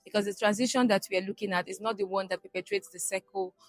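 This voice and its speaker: A woman storyteller and climate advocate answers fluently, moving through her points one by one. Her voice sits at a middle pitch, and the sound is dry and close. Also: steady tone, quick pace, dry recording. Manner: fluent, list-like delivery. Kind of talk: interview answer.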